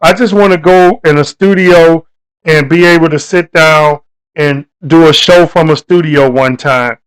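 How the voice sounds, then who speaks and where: Brief: male live stream host, higher-pitched voice, loose and preachy. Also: a little slow, clear, resonant tone, rough recording. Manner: loose, repetitive, preachy delivery addressing viewers. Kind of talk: casual live stream talk.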